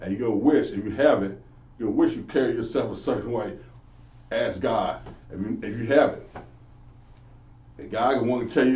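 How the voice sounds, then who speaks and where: A man's voice: mid-range voice, moderate pace, mellow. A man giving an informal Bible lesson, earnestly preaching and asking questions he then answers himself. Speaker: Bible teacher. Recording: echoey, distant, dull lo-fi.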